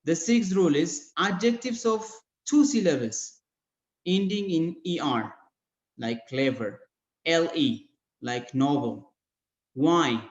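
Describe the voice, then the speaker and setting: A man with an Ethiopian accent teaches grammar over a video call, taking his time and spelling out letters. His voice sits a little high for a man. The audio is dull and echoey, like a call from a bare room. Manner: slow, methodical explanation, spelling out letters. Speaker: English teacher. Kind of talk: online grammar lesson.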